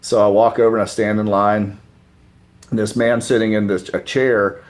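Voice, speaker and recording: A man's voice: on the low side, moderate pace. A man guest on a podcast, casually telling a self-mocking story and acting out the voices of the people in it. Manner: animated, acts out the voices of people in his stories; relaxed, self-mocking, mild swearing. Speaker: podcast guest, former college thrower.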